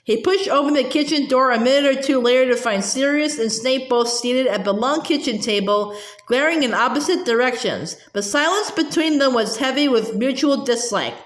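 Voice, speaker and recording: A woman reads a novel aloud casually in a high, expressive voice at a moderate pace. She hesitates, stumbles and restarts often, and the room gives a roomy echo.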